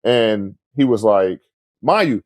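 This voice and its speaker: Man guest, low voice, dry studio mic; loose storyteller who acts out every quote. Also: takes it slowly, no echo. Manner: animated, acts out quoted dialogue, frequent "like" and "man". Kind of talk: casual storytelling chat.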